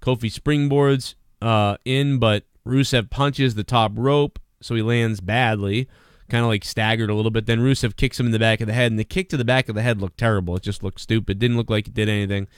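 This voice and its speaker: A man hosting a casual wrestling review show, blunt and profane, running through supporter shout-outs and complaining about matches. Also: fairly low pitch, fairly even intonation, fairly quick, clear, resonant tone, no room sound, clean studio sound. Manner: mimics wrestler promos in a louder voice. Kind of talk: casual solo review commentary.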